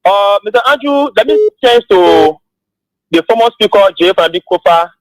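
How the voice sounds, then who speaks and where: A man's voice: sits high, animated, moderate pace, no echo, rough recording. A man calling into a radio show, polite and thanking repeatedly. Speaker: caller.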